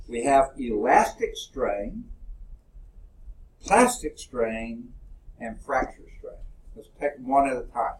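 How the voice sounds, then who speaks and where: A man's voice: mid-range voice, very animated, slow, pauses often. A male college science instructor giving a classroom lecture, explaining step by step and often checking in with "okay?". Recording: roomy echo, voice from a distance.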